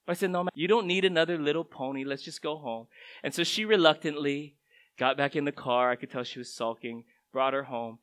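High-voiced man preaching conversationally. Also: fairly quick, a bit bright, clean tone, poor audio. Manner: conversational preaching, storytelling, voice swells and drops. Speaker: pastor. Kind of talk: sermon.

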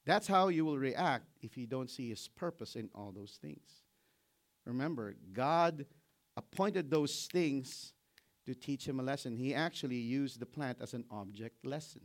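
A middle-aged man preaching a sermon in an animated way, acting out biblical characters and laughing as he goes. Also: medium pitch, measured pace. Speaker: pastor.

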